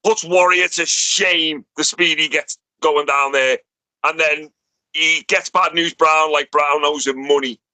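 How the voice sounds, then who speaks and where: A man talking animatedly on a podcast, full of swearing and big comparisons. His voice is bright and sharp, and it sits a little high. The sound is dry and close. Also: steady tone, unhurried, no echo, poor audio. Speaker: podcast guest. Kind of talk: casual chat.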